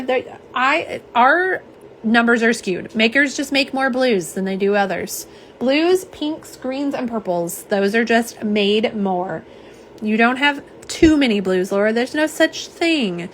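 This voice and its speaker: On a live stream, a woman unboxes and swatches nail polish, casually chatting and reading out what viewers write. She speaks with a fairly high pitch over a faint hiss or hum.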